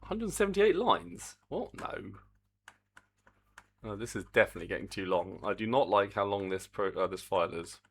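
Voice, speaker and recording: A man's voice: fairly low pitch, animated, normal speed, fairly bright tone, slightly rough. A man streaming his game development, chatting casually and muttering in exasperation, humming to himself as he works. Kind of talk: casual live-stream chat while coding.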